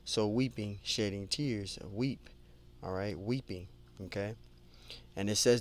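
A man giving an informal Bible study who reads scripture slowly, then talks it over conversationally, repeating himself and calling his listeners "man.". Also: fairly low pitch, a bit bright. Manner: conversational, repeats and restarts words, adds "man" and "you know"; reads scripture aloud slowly, then lists word meanings. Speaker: Bible teacher.

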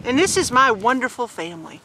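A woman's voice: on the high side, sing-song, brisk, sharp tone, slight background noise, poor audio. Woman reading as a dim, cheerful storybook dad. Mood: earnest. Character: dim-witted cheerful father of a silly family.

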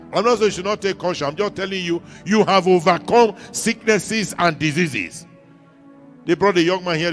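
A man with a Nigerian accent preaching a sermon in church, emphatic, repeating key lines and calling for the congregation to answer. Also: a little high. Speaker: pastor.

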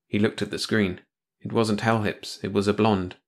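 A man narrating a short story as an audiobook, reading in a steady, measured storytelling way. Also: lowish voice.

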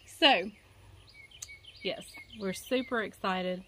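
A woman's voice: medium pitch, slow pace, a bit bright, slight background noise. A woman chatting casually in a home-remodel vlog, rambling and correcting herself as she goes. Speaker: vlogger, pastor's wife. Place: outdoors at home.

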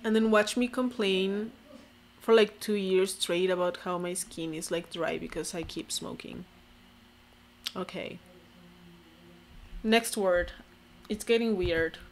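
A young woman from Mexico with vocal fry, reacting to her old posts in a casual, sarcastic, self-mocking way and saying "like" constantly. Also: mid-range voice, slow, pauses often, a little hiss or hum. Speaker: vlogger. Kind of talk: casual commentary to camera.

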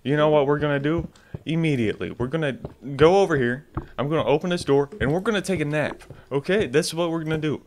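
A man playing a horror game on camera, swearing often and yelping loudly when startled. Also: a little high, fast, slight background noise. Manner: swears a lot, bursts into loud startled yelps. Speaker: let's play gamer.

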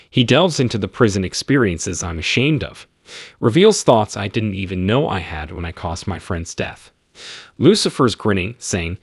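A man's voice: fairly low pitch, husky, dry recording, studio quality. A man telling his own story as scripted first-person narration, in terse, clipped, matter-of-fact sentences.

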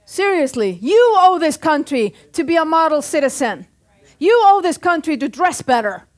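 A woman's voice: high voice, sing-song, normal speed. A middle-aged woman pastor preaching a sermon in a church, punchy and joking, often calling out for an amen. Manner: punchy, joking, calls for amens.

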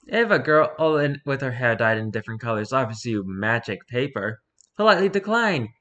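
A man reading a rules-style horror story aloud for his channel, lively, with occasional stumbles and restarts. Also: medium pitch, a little fast, lo-fi sound. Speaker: YouTuber reading horror stories.

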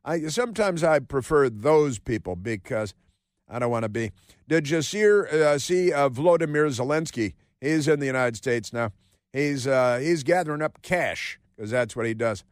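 A male radio host talks through a sarcastic, meandering monologue, his pitch sitting in an ordinary middle range. He pads his talk with "uh" and restarts. The studio recording is dry and close. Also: dry recording. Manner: sarcastic, rambling, with many filler words.

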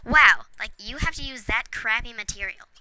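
A woman's voice: a little high, animated, normal speed, sharp tone, rough recording. A woman giving casual gameplay commentary at home, chatting to the game's characters and chuckling often. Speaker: let's play gamer. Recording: noticeable background noise with clicks.

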